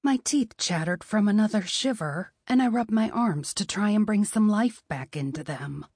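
A woman reading a first-person novel in a wry, expressive way. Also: mid-range voice, moderate pace, breathy edge, dry recording, studio quality. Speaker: audiobook narrator.

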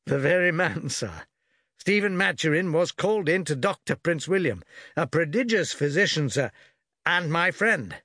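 A man voicing a wounded navy captain who speaks in a low, plain, deferential way. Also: expressive, normal speed, bright, forceful tone, dry recording, studio quality. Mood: steady. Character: wounded tall male post captain, steady and plain.

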